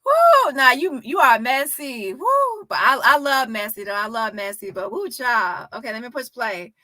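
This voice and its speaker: A woman giving casual reaction commentary, animated and exclaiming with frequent laughter. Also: on the high side, normal speed, dry recording.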